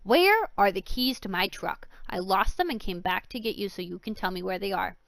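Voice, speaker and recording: A loud, menacing man who snarls insults and barks threats, as a woman puts him on for an audiobook. The voice sits mid-range and the read is dry and close. He sounds forceful and bullying throughout. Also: medium pitch, expressive, normal speed, creaky, dry recording. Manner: loud, snarling, name-calling.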